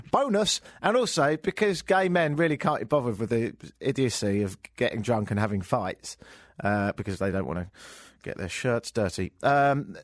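A man's voice: mid-range voice, no echo, studio quality. A man with an English accent hosting a talk radio show, riffing on the news in a sarcastic, joking way. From England. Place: radio studio. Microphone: studio microphone.

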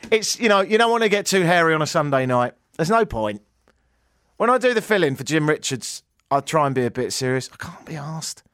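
A man's voice: a little high, sing-song, fairly quick, fairly bright tone, clear, resonant tone, no echo, clean studio sound. A man with an English accent hosting a radio show, telling a rambling, self-mocking story in a casual, joking way. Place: radio studio.

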